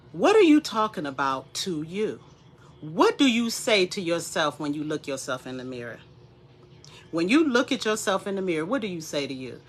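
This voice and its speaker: Woman, 40s, bright tone, animated motivational vlogger. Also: on the low side, slight background noise. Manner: animated, preachy, speaks straight to viewers. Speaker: wellness vlogger. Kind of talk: casual motivational talk.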